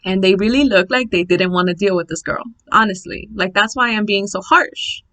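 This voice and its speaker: A young woman telling a birth story in a casual, blunt, animated vlog, swearing freely. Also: medium pitch, moderate pace, poor audio.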